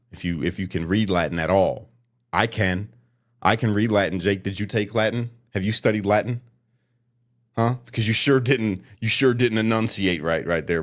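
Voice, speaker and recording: A man commenting sarcastically on protest clips, mocking and emphatic. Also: low voice.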